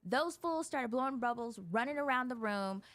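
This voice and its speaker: A woman therapist, a guest on a talk show, explaining coping skills in a lively, chatty way and laughing easily. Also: on the high side, moderate pace. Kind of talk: casual talk show conversation.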